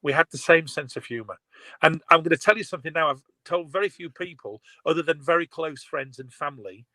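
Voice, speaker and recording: A man's voice: on the high side, brisk, no room sound, rough recording. A man, animatedly telling a story over a video call. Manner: animated storyteller, laughs often. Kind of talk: casual video call chat.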